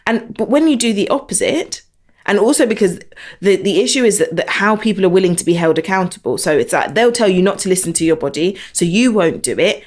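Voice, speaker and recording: A woman co-hosting a podcast, an animated storyteller who acts out the people she quotes. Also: mid-range voice, a little fast. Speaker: podcast co-host. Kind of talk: casual conversation.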